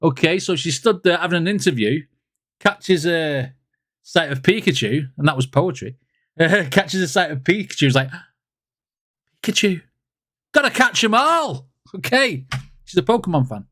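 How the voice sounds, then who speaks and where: A man talks through a music reaction in a chatty, rambling way, full of ums and restarts. His voice sits a little high for a man. It comes across dry and close, with no room sound. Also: normal speed, fairly bright tone, dry recording. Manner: rambling, filler-heavy, chatty. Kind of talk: casual reaction commentary.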